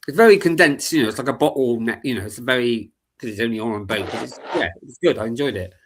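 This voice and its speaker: A man's voice: medium pitch, animated, quick pace, noisy background. A man chatting as a guest on a stream panel, laid-back and hesitant, often trailing off. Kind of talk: casual chat.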